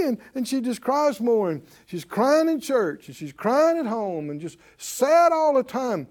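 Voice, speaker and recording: A man's voice: very high-pitched, expressive, a little slow, few pauses, a little mellow. A man preaching a sermon in a conversational way, calling out questions to the congregation.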